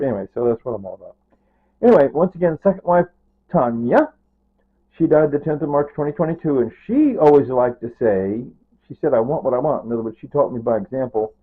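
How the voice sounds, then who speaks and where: A man's voice: mid-range voice, lively intonation, fast talker. An older man rambling through a casual vlog monologue, repeating himself and drifting toward grief. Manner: rambling, repetitive, grieving and near tears. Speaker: vlogger. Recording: tinny phone-like sound.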